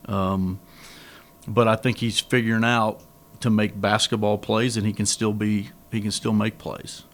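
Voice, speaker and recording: A man's voice: lowish voice, level tone, a little slow, fairly bright tone. A middle-aged man, a head basketball coach, answering reporters at a press conference in a candid, rambling way with many restarts.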